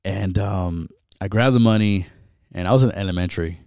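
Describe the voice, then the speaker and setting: Gravelly low-voiced laid-back man. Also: moderate pace, a little mellow, no room sound, studio quality. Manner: laid-back, chiming in with short agreements. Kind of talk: casual chat.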